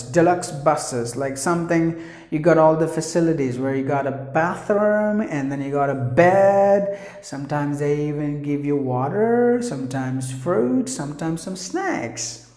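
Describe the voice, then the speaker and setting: A man with an Indian English accent teaching pronunciation, spelling out sounds and repeating words slowly and earnestly. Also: on the high side, a little mellow, echoey room. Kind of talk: pronunciation lesson. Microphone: camera operated by his wife.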